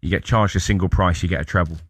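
A British man hosts a radio show in a lowish voice, telling rambling, chatty anecdotes. His studio mic sounds dry and close. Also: steady tone, fast talker, slightly rough, no room sound. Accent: British English. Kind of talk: casual radio chat.

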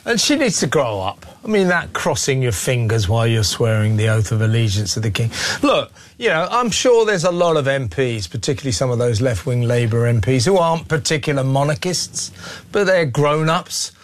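A man's voice: mid-range voice, very animated, moderate pace. A male talk show host, mocking and incredulous, with frequent fillers. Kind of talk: opinionated broadcast talk.

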